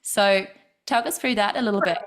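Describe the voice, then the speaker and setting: A woman's voice: mid-range voice, moderate pace. A woman hosting a casual studio interview, gushing and enthusiastic with her guest. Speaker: podcast host.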